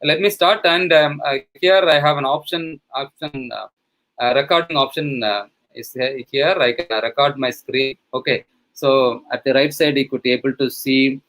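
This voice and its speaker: Over a computer mic on a video call, a professor with an Indian English accent, serving as a webinar resource person, walks through an online teaching tool live. His mid-range, slightly bright voice moves at a moderate pace with many fillers and restarts, and the recording is rough.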